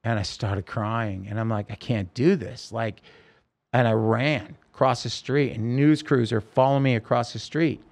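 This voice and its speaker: Male podcast guest, gravelly mid-pitched voice, halting emotional retelling. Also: fairly even intonation. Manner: emotional, halting storytelling with many restarts. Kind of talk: telling a personal story in a podcast interview.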